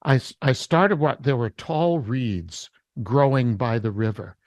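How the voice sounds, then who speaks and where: A man shares a personal testimony in an interview, unhurried and reflective, often stopping to restart a phrase. His voice is emotional, close to tears, and sits at an ordinary pitch. The sound is dry and close, with no room echo. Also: lively intonation. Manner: slow, reflective, halting with restarts. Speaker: interview guest, worship artist.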